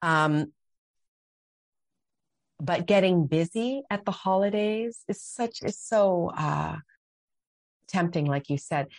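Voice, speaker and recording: A woman's voice: fairly low pitch, slow pace, long pauses, no room sound. A middle-aged woman talking as a podcast guest, earnest and heartfelt, often restarting her sentences. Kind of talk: conversational interview.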